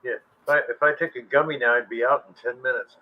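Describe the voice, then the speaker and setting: Husky man on muffled audio. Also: mid-range voice, fairly even intonation, fast. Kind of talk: casual chat.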